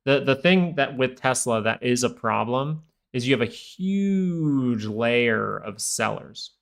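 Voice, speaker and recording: A man's voice: mid-range voice, expressive, slow, creaky. A young man hosting a live stock market stream, rambling through casual chart commentary full of fillers and goofy asides.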